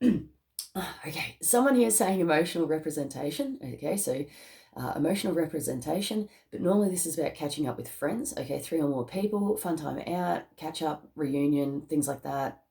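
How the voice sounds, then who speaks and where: Brief: Australian woman tarot reader, chatty, giggly, slightly low pitch. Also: vocal fry. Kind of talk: casual spiritual reading.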